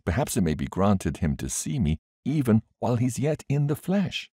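A man's voice: mid-range voice, sing-song, moderate pace, dark tone, husky, dry recording, clean studio sound, pitched above the performer's own voice. A man reading aloud and voicing a young woman in an audiobook, pleading and eager.

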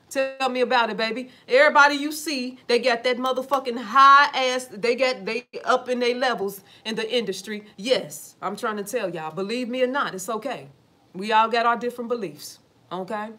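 Animated, cussing woman talking to camera. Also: a little high. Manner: animated, profane, preachy, full of rhetorical questions. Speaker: vlogger. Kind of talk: casual talk to camera.

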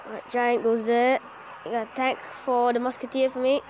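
A woman giving excitable live commentary over her own card-battle game, cheering and groaning at every play. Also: on the high side, normal speed, slight background noise. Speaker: gaming channel host.

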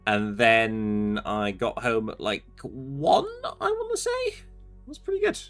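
A young man live-streams a game and chats loosely with viewers, sleepy yet animated, his pitch rising and falling a lot. His voice has a bright, forward edge, and soft game music sits in the background. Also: a little slow. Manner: chatty, rambling, reads out chat messages. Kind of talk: casual live-stream chat while gaming.

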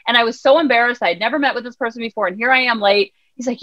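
Fast-talking woman counselor telling a story. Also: on the high side, muffled recording. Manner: animated storytelling, acts out her son's lines. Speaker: child counselor and life coach guest. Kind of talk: podcast conversation.

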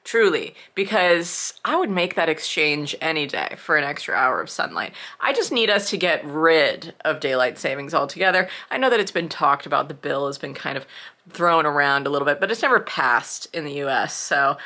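A woman's voice: sits low, lively intonation, normal speed, bright, forceful tone. A young woman chatting casually to camera in her vlog, gushing and swearing freely, sounding tired. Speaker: vlogger.

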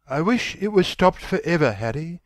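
A man voicing a sensitive, troubled young gentleman who speaks in a pleading, emotional way in an audiobook. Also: sits high, lively intonation, unhurried, voice pushed up. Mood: distressed.

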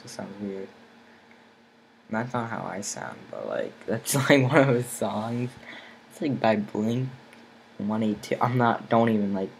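A teenage boy talking casually over his gameplay. He rambles with lots of fillers and gets excited when fights go well. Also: lowish voice, gravelly, a little hiss or hum. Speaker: gaming channel host. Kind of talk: casual let's-play commentary.

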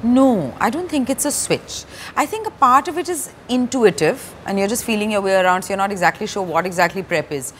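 A woman, talking as a guest in a candid stage interview, soft-spoken and hesitant with many fillers. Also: mid-range voice, animated, brisk, few pauses, slight background noise. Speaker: actor and director, interview guest. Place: stage before a live audience.

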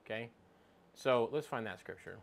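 Speaking at normal speed in a gravelly, medium-pitched voice, a man leads a casual Bible teaching. He reads passages aloud and looks up verses in the middle of talking.

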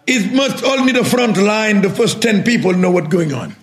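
Man, religious teacher, sermon, fairly high voice, loud then very quiet. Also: lively intonation, moderate pace. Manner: non-native English, asks listeners if they follow, swings between loud and very quiet.

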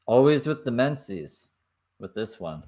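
A man's voice: medium pitch, big pitch swings, takes it slowly, mellow. A man hosting a reaction commentary, cutting in with mocking, sarcastic remarks. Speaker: commentary host.

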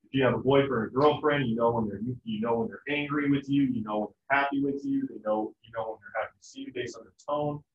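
A man's voice: medium pitch, fast. Male teacher lecturing loosely with jokes, recorded from across an echoey room. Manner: casual, joking, acts out family voices. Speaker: biology teacher. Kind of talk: classroom lecture. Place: classroom. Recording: echoey, distant, dull room sound.

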